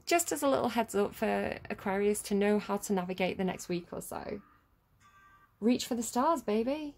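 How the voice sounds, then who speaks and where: A woman's voice: mid-range voice, darkish tone. A woman giving a casual tarot reading, rambling and chatty as she drifts off on tangents. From United Kingdom. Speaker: tarot reader.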